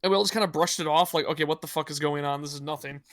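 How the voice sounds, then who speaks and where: A man co-hosting a podcast, telling a story in a quick, rambling casual chat. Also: on the high side, fairly even intonation, fairly bright tone, dry recording, studio quality. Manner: quick, rambling with many "like" fillers. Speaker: podcast co-host.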